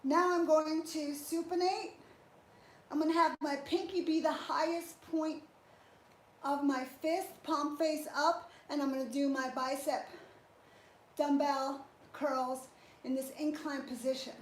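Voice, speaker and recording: A woman's voice: high voice, fairly even intonation, unhurried. A woman fitness trainer talking through a live workout, chatty and encouraging as she exercises. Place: indoor workout space. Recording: echoey room with faint noise.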